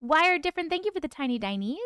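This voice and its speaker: A woman's voice: sits high, expressive, rapid-fire, a bit bright, no echo, clean studio sound. A woman hosting a casual livestream chat, greeting viewers by name, reading their comments aloud and laughing often. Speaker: livestream host.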